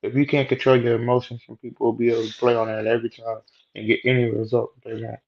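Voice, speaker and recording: A young man vlogger, with a mid-range, creaky voice, rattles off a rambling, profane story about a run-in at work. His delivery is flat and fast, loose and slangy, a casual storytelling monologue. The audio is dull and lo-fi.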